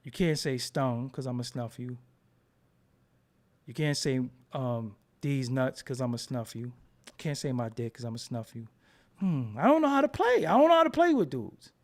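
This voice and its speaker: A man's voice: mid-range voice, moderate pace. A man in a casual, profane rant, talking emphatically and repeating himself when heated. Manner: animated, emphatic, swears freely, repeats words when heated.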